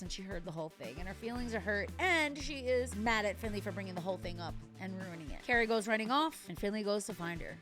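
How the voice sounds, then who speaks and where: A woman in her thirties casually recapping and reacting to a TV episode, chatty and wry, with playful asides. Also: fairly high pitch. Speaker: TV recap vlogger.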